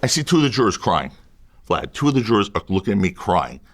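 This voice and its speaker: A defense lawyer as an interview guest, telling a story in an animated, emphatic way and repeating phrases to drive a point home. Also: male voice, on the low side, fast.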